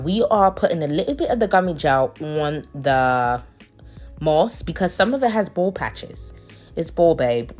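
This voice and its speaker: A woman with a low, husky voice puts on a British accent while she chats through a nail tutorial. She rambles and preaches a little, with plenty of fillers, over faint music. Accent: put-on British. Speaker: nail artist.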